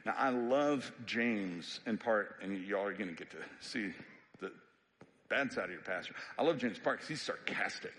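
A man preaching a sermon as pastor, conversational and emphatic, climbing into animated bursts. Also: on the low side, normal speed, slight background noise. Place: church sanctuary. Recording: long reverb of a church hall.

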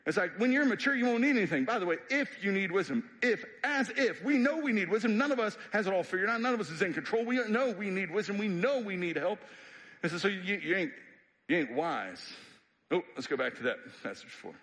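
A man's voice: high voice, fairly quick. Emphatic male pastor in reverberant hall. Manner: conversational and emphatic, rising to animated peaks. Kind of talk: sermon. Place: church sanctuary. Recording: long reverb of a church hall.

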